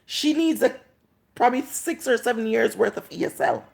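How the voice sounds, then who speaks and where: Jamaican woman in her 30s going off on a live stream, voice jumps all over, gravelly. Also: a little high, animated, a little mellow. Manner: scolding, emphatic, drawn-out words. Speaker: vlogger.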